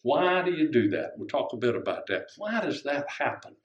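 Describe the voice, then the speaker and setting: A man's voice: mid-range voice, big pitch swings, moderate pace, dull audio. Grandfatherly preacher in an echoey church. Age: older. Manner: conversational, asks the congregation questions. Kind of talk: sermon. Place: church sanctuary. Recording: echoey room.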